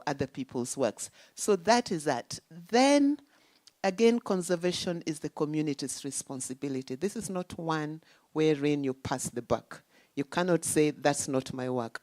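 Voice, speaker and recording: A woman speaking at a symposium, giving a deliberate academic talk with emphatic points and rhetorical questions. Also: low-pitched, a little mellow, no room sound. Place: conference venue.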